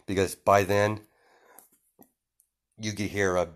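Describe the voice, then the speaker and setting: A man with a deep, low voice tells a made-up story off the top of his head. He rambles, restarts his sentences and leans on fillers as he goes. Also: level tone, slow pace, smooth. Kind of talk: casual improvised story retelling.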